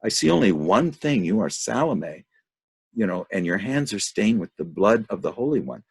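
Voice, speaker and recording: A man's voice: on the low side, sing-song, normal speed, vocal fry, slightly rough, pitched above the performer's own voice, exaggerated voice. A man reading the lines of a frightened male traveler in the underworld, in an anxious, questioning manner.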